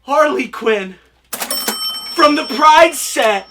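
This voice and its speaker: A channel host giving a comic, overwrought product review, swinging into tearful, preachy shouting. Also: sits high, expressive, very slow. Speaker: reviewer hosting own channel. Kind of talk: comedic over-the-top product review.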